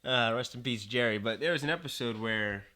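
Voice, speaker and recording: A man's voice: medium pitch, fairly quick, pushed and bright. A man as a podcast guest in casual chat, hesitant and rambling with many fillers.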